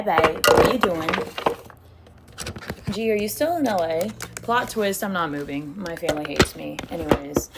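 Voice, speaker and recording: While braiding her hair in her living room, a young woman streamer chats casually on a livestream, cursing freely and reading out comments from viewers. Her voice sits on the low side, with heavy background noise behind it.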